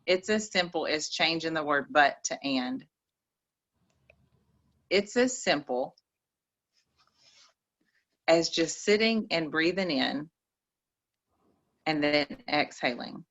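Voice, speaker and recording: A woman's voice: low voice, lively intonation, slow, long pauses, a bit bright, muffled recording. A woman with an East Texas accent giving folksy, preachy motivational advice on a group call. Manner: folksy, preachy, says y'all.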